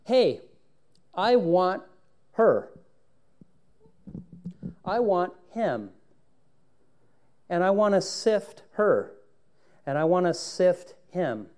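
A man's voice: high voice, sing-song, extremely slow, pauses often, darkish tone, pitched above the performer's own voice, exaggerated voice. A man voicing a sly, taunting male devil who mocks and sneers with teasing questions. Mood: greedy.

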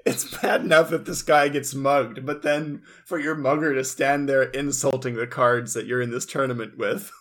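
A man's voice: medium pitch, fairly even intonation, moderate pace, hardly any pauses, a bit bright. A man co-hosting a podcast who tells loose, comedic retellings, packed with fillers and stops to laugh. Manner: loose, filler-heavy storytelling. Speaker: podcast co-host. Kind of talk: casual comedic recap chat.

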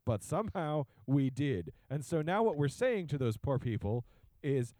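A man's voice: medium pitch, sing-song, moderate pace, dark tone, no echo. A man co-hosting a podcast, ranting casually and slipping into mock voices. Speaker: podcast co-host. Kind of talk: casual chat.

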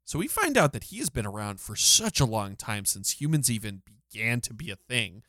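A man's voice: fairly low pitch, sing-song, a little fast, pushed and bright, no echo. A man co-hosting a podcast, retelling a scene in close detail with enthusiasm. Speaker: podcast co-host. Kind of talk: casual recap discussion.

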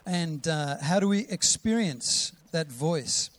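A man preaching a sermon, quoting scripture with rising emphasis and sometimes dropping to a soft whisper. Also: fairly high pitch, animated, slow. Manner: drops to a soft whisper to act out a gentle voice.

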